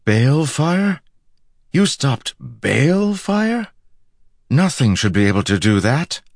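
A man voicing a young woman, a commanding and impatient sorceress, in an audiobook, with demanding, sharp questions. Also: deep voice, moderate pace, no echo, studio quality, pitched above the performer's own voice. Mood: astonished. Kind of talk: audiobook character voice.

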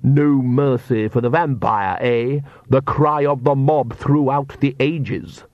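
A man's voice: medium pitch, no room sound, natural voice. A man voicing a suave, mocking vampire count. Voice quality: smooth, mocking, drawn-out. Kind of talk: audiobook character voice. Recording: dull, dry lo-fi recording.

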